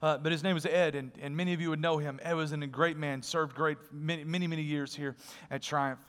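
A male pastor preaching a sermon, telling stories in an animated way and dropping to a hushed, earnest tone. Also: on the high side, brisk, long reverb tail. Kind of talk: sermon with storytelling.

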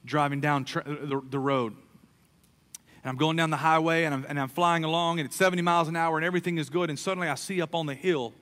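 A man preaching a sermon as a pastor, emphatic, swinging between soft, quiet stretches and loud, pressing lines. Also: fairly high pitch, steady tone, a little fast. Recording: long hall reverb.

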